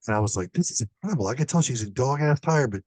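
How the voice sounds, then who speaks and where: A man in a casual horror podcast chat, telling lively stories and swearing freely. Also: mid-range voice, quick pace, no room sound. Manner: animated storyteller, swears casually.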